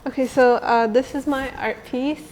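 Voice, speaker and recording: A woman's voice: high voice, steady tone, normal speed, darkish tone. A young woman, a scholarship winner, explaining her artwork with a hesitant manner. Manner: hesitant, with fillers. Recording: reverberant room with slight noise.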